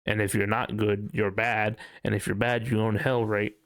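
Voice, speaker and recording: A man's voice: fairly low pitch, flat delivery, moderate pace, a bit bright. A young man hosting a casual podcast, ranting profanely with a lot of laughter. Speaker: podcast host.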